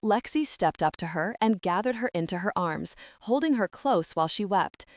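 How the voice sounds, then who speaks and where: A woman narrating a novel as an audiobook reader, in even, expressive storytelling. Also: mid-range voice, moderate pace, no room sound, studio quality. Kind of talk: scripted narration.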